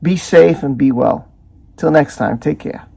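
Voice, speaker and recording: A man's voice: on the high side, measured pace, creaky, warm tone, slight background noise. A man hosting his own channel, giving indignant and emphatic commentary and stacking up strong words. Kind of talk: opinionated video commentary.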